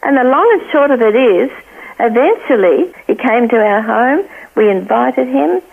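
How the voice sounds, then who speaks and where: A woman's voice: fairly high pitch, lively intonation, moderate pace. An older woman from Australia telling a personal story as a guest, earnestly acting out the voices she quotes, heard over a phone line. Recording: tinny gravelly phone line.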